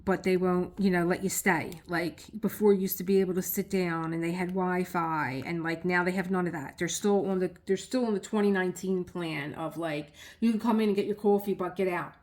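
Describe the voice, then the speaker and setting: Animated woman telling a story. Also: fairly low pitch. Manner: animated storyteller acting out quotes with laughs. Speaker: vlogger. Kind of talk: casual storytelling vlog.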